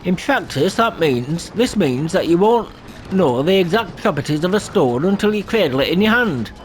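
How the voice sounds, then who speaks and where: A man's voice: high voice, lively intonation, moderate pace, a little hiss or hum. A man putting on a formal lore teacher with a dodgy accent. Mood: instructive. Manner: stilted put-on accent, read aloud with stumbles. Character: learned teacher of soul-crystal lore, formal.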